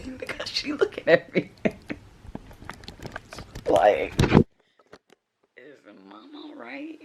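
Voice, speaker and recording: Lowish and creaky, her voice comes slowly with long pauses, and a little hiss or hum can be heard. She's a Texan woman in her forties telling a laugh-filled story with shrieked reenactments in a casual vlog from her apartment.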